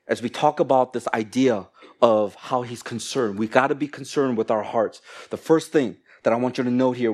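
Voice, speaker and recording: A man preaching a sermon in a church, animated, breaking into little acted exchanges in different voices. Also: mid-range voice. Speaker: pastor.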